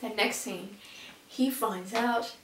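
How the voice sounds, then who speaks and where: Excitable woman, echoey room. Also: mid-range voice, slow. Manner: excitable, rambling with many "like"s. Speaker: reviewer retelling an episode. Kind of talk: casual chat. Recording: echoey room, a bit far from the mic.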